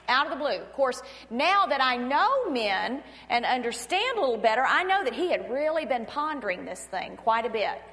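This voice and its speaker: A woman's voice: high-pitched, in a large hall. A middle-aged woman from North Florida with a Southern accent, speaking to a women's church gathering in a chatty, humorous way. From North Florida, USA. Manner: chatty, self-deprecating humor, animated acted-out quotes. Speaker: pastor's wife, guest speaker at women's meeting. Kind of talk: conversational sermon with storytelling.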